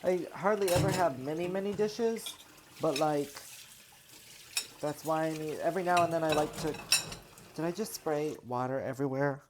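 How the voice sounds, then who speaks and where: A vlogger in her 20s with a low voice chats casually while doing chores in her home kitchen, speaking into her own microphone near the sink. She rambles at a moderate pace, full of "like" and "you know," over a noisy background.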